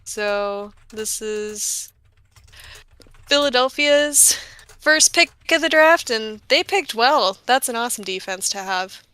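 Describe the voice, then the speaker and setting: A woman co-hosting a casual draft show, upbeat and quick to laugh. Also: on the high side, expressive, pushed and bright, smooth, no room sound.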